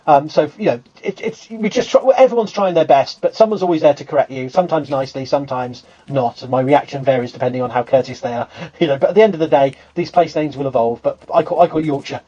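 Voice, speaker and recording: A man from England with a southern English accent, an archaeologist explaining things in lively, chuckling conversation. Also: fairly high pitch, quick pace, hardly any pauses, muffled recording. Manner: lively, chuckling, acts out quoted voices. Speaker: archaeologist guest.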